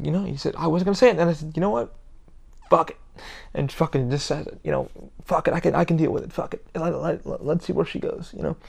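A man's voice: fairly high pitch, creaky, a little mellow. A man hosting his own podcast, talking in a loose, rambling monologue full of restarts and heavy swearing. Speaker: podcast host. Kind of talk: casual monologue.

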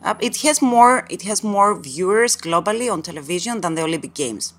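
A woman from Greece, a guest in a casual interview, chatty and quick to laugh. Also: mid-range voice, animated, a bit bright. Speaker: guest, entrepreneur.

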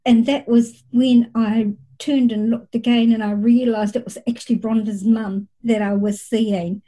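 Woman, psychic medium, middle-aged, mellow tone, slightly high voice, reflective storytelling. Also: steady tone, a little slow, rough recording. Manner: reflective, recounts experiences at length. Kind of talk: conversational interview storytelling.

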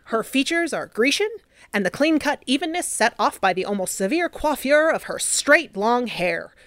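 A woman's voice: on the high side, sing-song, normal speed, a bit bright, dry recording, clean studio sound, voice pushed up. A woman voicing an old-timey 1920s newspaper announcer, grand and formal.

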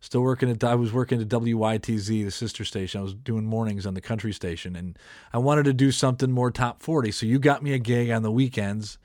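A man's voice: medium pitch, quick pace, darkish tone, dry recording. Dry-sounding man telling a radio story. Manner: rambling, many restarts and self-corrections. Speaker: podcast host and radio DJ. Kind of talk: casual storytelling chat.

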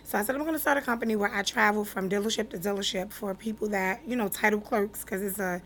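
A woman answers interview questions in a direct, animated way. Her voice sits in a middle range. Faint room ambience lies under her speech. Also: medium pitch, fast, slight background noise. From Newark, New Jersey. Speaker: interview guest, business founder. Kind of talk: casual interview.

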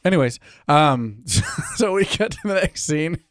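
A man from California co-hosting a casual podcast about a cartoon, animated and sweary, recording in a tiny studio. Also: a little high, moderate pace, dry recording. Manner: animated, swears, acts out characters in quotes. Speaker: podcast co-host. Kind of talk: casual chat. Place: tiny studio on a wind farm.

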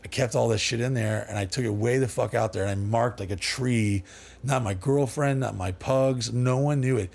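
A man's voice: mid-range voice, normal speed, gravelly, darkish tone, husky. A man as a podcast guest, telling long rambling stories with lots of swearing, fillers and restarts. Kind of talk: casual storytelling.

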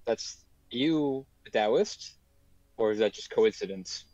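A man's voice: mid-range voice, animated, unhurried, darkish tone, no room sound, dull audio. A man playing in a tabletop game, speaking politely and hesitantly, often stumbling over his words. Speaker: player. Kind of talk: casual tabletop play.

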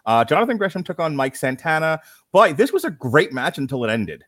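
A man's voice: fairly high pitch, very animated, brisk, fairly bright tone, no room sound, clean studio sound. Jokey, rambling man on a podcast. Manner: jokey, rambling, laughs at his own lines. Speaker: podcast co-host. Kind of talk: casual wrestling review chat.

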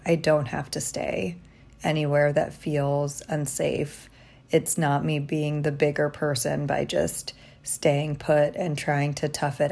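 A woman talking through a personal diary vlog from a hotel room, reflective and halting, tired after little sleep. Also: sits low, vocal fry. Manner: reflective, halting, soft-spoken. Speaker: vlogger.

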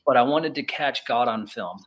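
A middle-aged man hosts the conversation with an enthusiastic, affirming manner. His voice sits in a plain middle range. He talks in a relaxed conversational way. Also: mid-range voice, moderate pace. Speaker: podcast host. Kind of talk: conversational interview.

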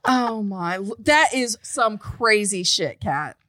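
A woman in her forties co-hosting a podcast over a video call, chatting casually and reacting with animated exclamations and laughter. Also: mid-range voice, slow pace, no echo. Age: 40s. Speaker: podcast co-host. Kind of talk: casual chat. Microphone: remote call.

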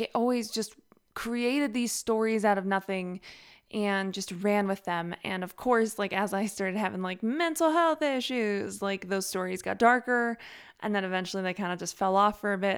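A woman's voice: medium pitch, clear, resonant tone. Chatty young woman rambling on a podcast. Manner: chatty and rambling, many "like"s, laughs easily. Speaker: podcast host and author. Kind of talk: casual solo podcast talk.

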